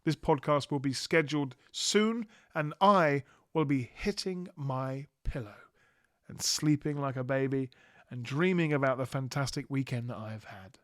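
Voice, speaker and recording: A tired man hosting his own podcast, reflecting warmly and giddily. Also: fairly high pitch, animated, unhurried, dry recording, studio quality. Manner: warm, giddy, reflective. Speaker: podcast host. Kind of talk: solo podcast wrap-up.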